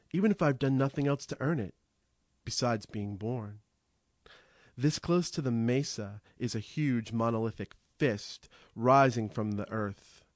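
A man narrating a first-person audiobook in a measured, reflective way, slowing on vivid images. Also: mid-range voice, dry recording, studio quality.

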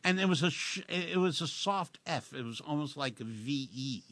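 A man hosting a radio show, chatting casually in a halting, rambling way with lots of fillers and restarts. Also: on the high side, lively intonation, fairly bright tone, dry recording. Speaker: radio host. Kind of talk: casual radio interview chat.

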